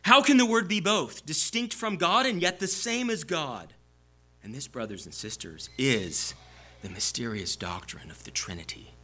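A man's voice: high voice, pushed and bright. A man preaching a sermon to his congregation, explaining scripture and building to emphatic peaks.

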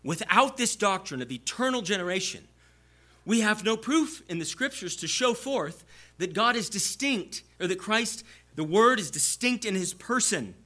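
A man's voice: high voice, animated, moderate pace, bright, forceful tone. A man preaching a sermon to his congregation, explaining scripture and building to emphatic peaks.

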